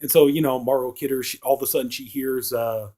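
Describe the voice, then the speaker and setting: A man's voice: medium pitch, steady tone, fast talker, warm tone. A man giving a casual spoken film review, rambling with lots of fillers and retelling scenes by quoting the characters. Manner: rambling, full of fillers like "you know" and "and stuff".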